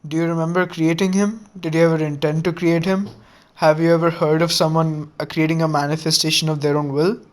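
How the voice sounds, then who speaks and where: A man voicing a calm, confident young male village leader with an earnest, lecturing manner. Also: on the high side, fairly quick, lightly acted. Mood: firm.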